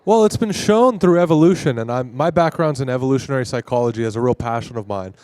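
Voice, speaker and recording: A man's voice: medium pitch, fast, a little mellow, no echo. A man from Arizona speaking in an emphatic, opinionated way in a casual conversation at a convention. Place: convention floor.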